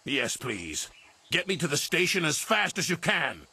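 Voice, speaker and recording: A man's voice: on the high side, big pitch swings, unhurried, bright, forceful tone, husky, voice pushed up, full character voice. A man voicing a pompous, fussy railway boss in a children's storybook, with prim, proper exclamations.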